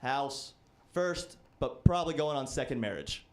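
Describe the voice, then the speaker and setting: A man's voice: mid-range voice, animated, normal speed, darkish tone. A man in his twenties doing a stand-up comedy set, telling rambling, self-deprecating stories. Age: 20s.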